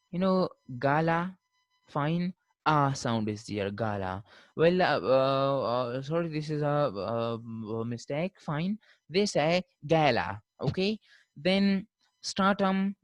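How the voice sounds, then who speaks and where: A man's voice: on the high side, expressive, no echo. Man lecturing on linguistics. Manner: punctuates points with a repeated "fine", slows down to spell out example words. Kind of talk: recorded classroom lecture.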